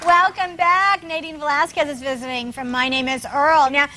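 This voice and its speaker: Upbeat woman talk host, high sharp voice, faint noise behind. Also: fairly even intonation, normal speed. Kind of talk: talk show interview. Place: TV studio.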